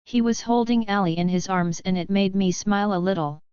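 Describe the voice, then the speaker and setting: A woman reading a romance audiobook in steady first-person narration. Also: medium pitch, fairly quick, clear, resonant tone, no echo, dull audio.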